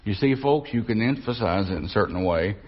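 Folksy male preacher teaching scripture to his class, lowish voice, muffled old recording. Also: expressive, brisk. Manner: folksy, repeats himself, asks the room questions. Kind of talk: conversational Bible teaching. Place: church or Bible class. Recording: dull lo-fi recording.

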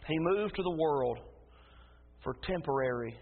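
A man preaching a sermon as pastor in a church, emphatic and rising into a loud preaching cadence. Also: on the high side, expressive, a little slow. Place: church sanctuary. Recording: tinny phone-like sound in a reverberant hall.

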